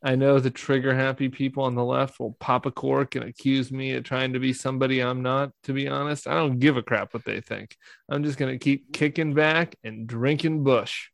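A man with a gravelly edge reads a parody memoir aloud with mock-serious deadpan. His voice sits close and dry, with no room around it. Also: mid-range voice, normal speed, no room sound. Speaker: podcast guest. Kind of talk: comedic reading of a parody memoir.

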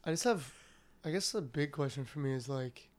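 A man's voice: on the high side, animated, fairly quick. A man co-hosting a casual podcast, asking hesitant, searching questions. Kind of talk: casual discussion.

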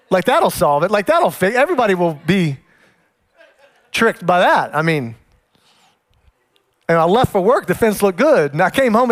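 A man who is a pastor, telling personal stories in a sermon and acting out the scenes with animated energy. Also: sits high.

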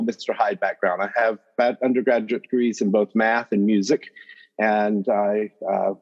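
A man with a North Carolina accent talks as a podcast guest, relaxed and chatty. His pitch is middling for a man, and the recording sounds a little dull. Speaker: guest, math education professor. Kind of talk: podcast interview.

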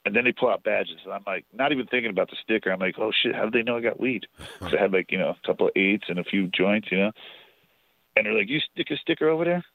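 A man's voice: on the low side, fairly even intonation, fast, gravelly, no room sound, phone-quality sound. A man from New Jersey telling profane, rambling stories as a podcast guest. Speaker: podcast guest, show promoter. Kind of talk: casual storytelling.

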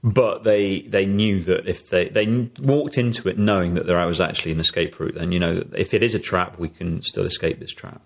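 A man's voice: low voice, steady tone, brisk, creaky, few pauses. A man co-hosting a casual political podcast, cutting in with jokes, swearing and theatrical asides. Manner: jokey, theatrical interjections, swearing. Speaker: podcast co-host.

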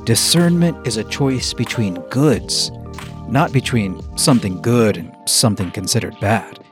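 Host narrating over clear music. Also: male voice, medium pitch. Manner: measured, explanatory, teaching tone. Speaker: podcast host. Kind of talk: scripted narration. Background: background music.

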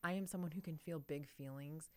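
Woman, low voice, thoughtful, laughs often, dry close sound. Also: fairly even intonation, brisk, no echo. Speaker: podcast co-host. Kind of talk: casual conversation.

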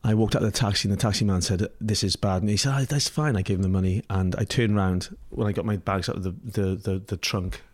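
Scottish man, middle-aged, low voice, rambling and laughing, interview guest. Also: fairly even intonation, fast talker, hardly any pauses. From Scotland. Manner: rambling, laughs often, many restarts and fillers. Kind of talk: casual storytelling.

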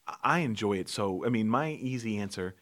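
A man's voice: on the low side, expressive, brisk, a bit bright. A man co-hosting a casual movie chat, talking about films with enthusiasm and explaining things as he goes. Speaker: podcast co-host.

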